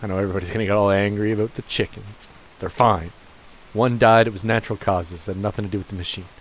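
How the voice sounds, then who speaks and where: A man's voice: lowish voice, steady tone, rapid-fire, slight background noise, poor audio. A young man casually commentating his gameplay, cursing and joking at the characters on screen. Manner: profane, joking, talks to the game characters. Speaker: let's play gamer. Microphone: gaming headset.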